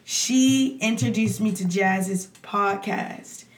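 A woman guest on a podcast, chatting excitedly and gushing with thanks, laughing often. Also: medium pitch, slow pace. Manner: gushing, exuberant, with frequent laughs and "y'all". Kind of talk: excited casual chat. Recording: echoey room.

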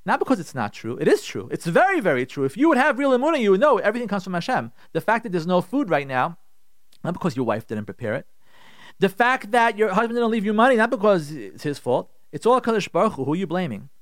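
Very animated and quick, a middle-aged rabbi on his radio show hammers home his advice over and over, voicing the complaints he cites as if performing them. His voice is high, and the recording is dry and studio quality.

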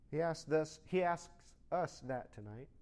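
A male pastor preaching a sermon, swinging from loud, emphatic lines to soft, conversational asides in short repeated phrases. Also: a little high.

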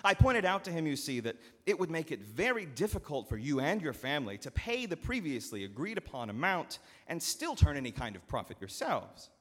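A man voicing a scheming steward with hurried, eager salesman patter, in a long church reverb. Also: on the high side, very animated, pitched above the performer's own voice. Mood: smooth-talking. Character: slick scheming male steward, fast-talking.

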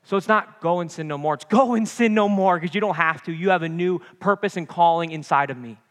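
A man's voice: fairly high pitch, quick pace, a bit bright, big-room sound. A man preaching a sermon to his congregation, passionate and rising and falling, with casual playful asides.

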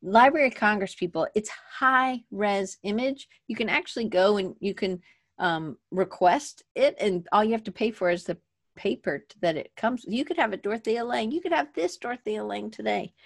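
A woman's voice: mid-range voice, moderate pace, gravelly, dry recording, clean studio sound. A woman hosting a casual livestream from her desk, rambling and chatty, often restarting her sentences. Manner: moves around at her desk. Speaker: podcast host. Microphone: webcam at desk.

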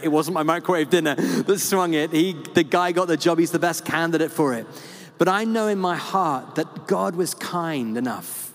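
A man, a parish priest, telling a story in an animated, chatty sermon full of fillers. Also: on the high side. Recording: echoey hall with long reverb.

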